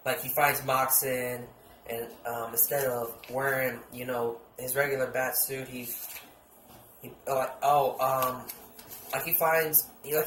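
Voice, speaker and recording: A man's voice: mid-range voice, a bit bright. A young man hosting a casual show, rambling through a comic book story, swearing freely and acting out the characters' lines. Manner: rambling, swears, acts out quotes. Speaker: podcast host. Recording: echoey room, faint ambient noise.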